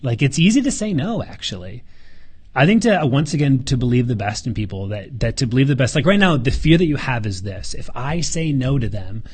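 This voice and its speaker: A man's voice: mid-range voice, big pitch swings, fairly quick, darkish tone, slightly rough. A man hosting a live Q&A and answering viewer questions in a casual, earnest way. He gets fired up, stumbles over repeated words and drops casual swearing and slang.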